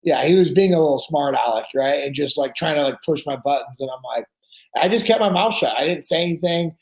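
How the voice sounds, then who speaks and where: Storytelling man with a raised pitch. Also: animated, a little fast, darkish tone, low-quality recording. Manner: storytelling, acting out quoted dialogue. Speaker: podcast guest. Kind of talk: casual conversation.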